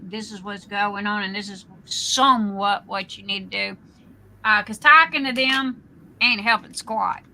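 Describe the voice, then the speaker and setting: A woman in her sixties hosts a livestream, sharing her own story with blunt, profane candor and plenty of ums. Her voice is strikingly bright and sharp, with a faint hiss behind it. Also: on the high side, rough recording. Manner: blunt and profane, with frequent fillers. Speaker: livestream host. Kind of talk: candid personal storytelling.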